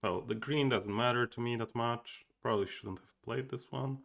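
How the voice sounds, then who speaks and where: Playing a board game live, this young streamer chats casually with his viewers and reasons through his moves out loud. He talks at a normal speed in a medium-pitched, slightly bright voice with some vocal fry.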